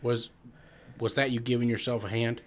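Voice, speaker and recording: A man's voice: mid-range voice, little pitch movement, normal speed. A man co-hosting a podcast in dry, teasing casual chat. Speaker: podcast co-host.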